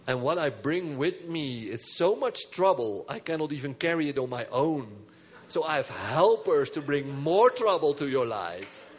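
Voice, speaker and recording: A man doing a swaggering giant, taunting, slow, lower and louder. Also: expressive, husky. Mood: boastful. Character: boastful giant problem, taunting, male.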